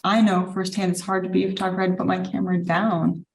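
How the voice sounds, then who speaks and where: A woman's voice: on the low side, little pitch movement, fast, echoey room. A woman moderating a panel discussion in an encouraging way, calling on each speaker over a video call.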